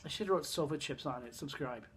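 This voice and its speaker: A man's voice: on the high side, very fast, a bit bright, a little hiss or hum. A man telling a story in a casual vlog, rambling, swearing and sarcastic, in pain from a broken thumb. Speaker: vlogger.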